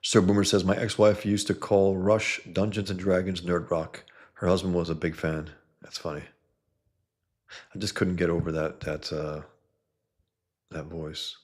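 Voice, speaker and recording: A man's voice: sits low, little pitch movement, a little slow, long pauses, darkish tone. A man hosting a casual livestream, talking bluntly and profanely to his chat, rambling with frequent restarts. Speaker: livestream host reading chat. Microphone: computer mic, no headset.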